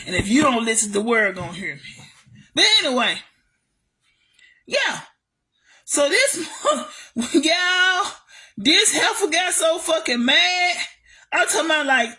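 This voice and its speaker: A woman with a high, bright, forceful voice rants angrily through a family storytime as a vlogger. She swears, repeats herself, and keeps calling out to her viewers.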